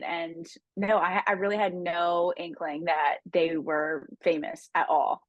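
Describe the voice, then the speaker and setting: A woman's voice: on the low side, little pitch movement, a little slow, no echo, muffled recording. A young woman from New Jersey, a guest chatting candidly in an interview, laughing often and filling her speech with "like". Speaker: guest, dating show contestant. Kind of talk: casual interview chat.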